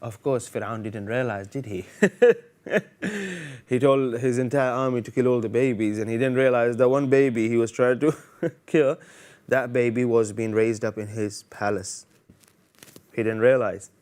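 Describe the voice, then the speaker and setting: A man's voice: mid-range voice, measured pace, darkish tone. A man hosting a live TV Quran lesson for children, playful and teasing, quizzing the viewers and mixing Arabic phrases into his English. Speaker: TV Quran teacher and host. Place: TV studio.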